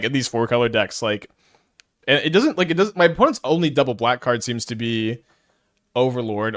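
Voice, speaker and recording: A man's voice: mid-range voice, a bit bright, no room sound, studio quality. A man giving casual live commentary while playing a card game, stuttering and restarting often as he thinks aloud. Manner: stutters, many restarts and fillers.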